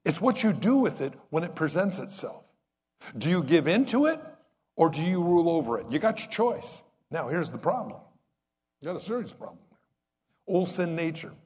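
A man's voice: a little high, very animated, moderate pace, a little mellow, big-room sound. A man preaching a sermon in a conversational way, asking the congregation rhetorical questions. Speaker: pastor.

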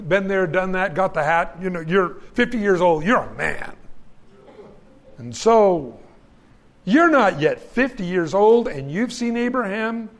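A male pastor preaching a sermon, reading scripture aloud and speaking to the congregation as friends in an emphatic, folksy way. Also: sits high.

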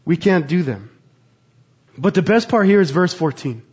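A pastor in his thirties preaches in a notably high voice, pressing his listeners with earnest rhetorical questions. The recording sounds a little dull and muffled. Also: lively intonation, moderate pace, a little mellow, slightly rough. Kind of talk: sermon.

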